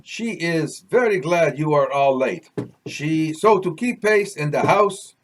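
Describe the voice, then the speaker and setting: A cheerful, laid-back middle-aged man teases his friend in heavily French-accented, broken English, as a male author reading his own book puts him on. He sounds easygoing and jovial, pitched up and pushed louder than the narration around him. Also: lively intonation, slow pace, a little hiss or hum.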